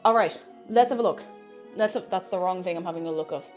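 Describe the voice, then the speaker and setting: A woman's voice: lowish voice, fast talker, darkish tone, soft background music. A woman with an Irish accent, chatty and self-mocking, thinking aloud as she cooks on a stream in her home kitchen. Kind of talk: casual cooking stream chat.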